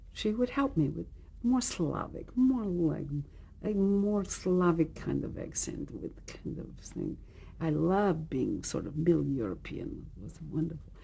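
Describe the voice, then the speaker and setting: An older woman recounts an audition story in an archival interview clip. Her voice sits low, gravelly and a little husky. She tells it animatedly, slipping into the voices of the people she quotes. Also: dark tone. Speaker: actress recalling a role.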